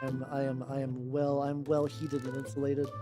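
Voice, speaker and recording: A man's voice: medium pitch, monotone, normal speed. A man streaming casually while he paints miniatures. He rambles, swears freely and often restarts his sentences. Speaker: VTuber streamer. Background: faint background music.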